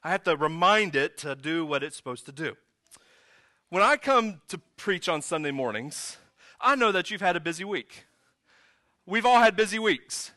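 Male pastor, sermon delivery, light high voice, chatty then emphatic, dry close sound. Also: no echo. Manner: conversational, animated storytelling with sudden emphatic rises.

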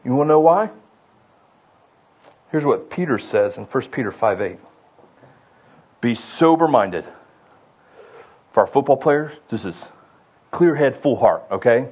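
A young adult man preaching a sermon, building to loud rallying shouts and then dropping low and intimate. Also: expressive, unhurried, pauses often, slightly rough. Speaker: pastor.

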